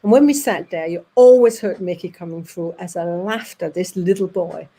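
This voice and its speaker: A woman's voice: lowish voice, low-quality recording. A woman from Denmark with a Danish accent, telling anecdotes to an audience and acting out the voices in them. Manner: lively, acts out voices in her anecdotes, with halting restarts. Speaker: speaker at an audience evening.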